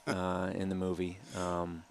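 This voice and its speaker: A man talking through footage of his own film as director, soft-spoken and hesitant, with many pauses and filler sounds. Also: deep voice, completely flat delivery, gravelly. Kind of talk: commentary over a film trailer.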